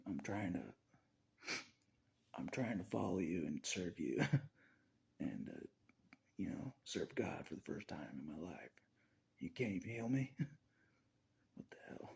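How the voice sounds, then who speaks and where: A man talking straight to the camera in a rambling casual monologue, often laughing and ranting out loud at God. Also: sits low, vocal fry, breathy edge. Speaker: vlogger.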